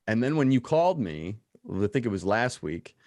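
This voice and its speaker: Man hosting a podcast, halting questions. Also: mid-range voice, sing-song, darkish tone, no echo. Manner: rambling, halting questions with many restarts. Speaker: podcast host. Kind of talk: casual interview chat.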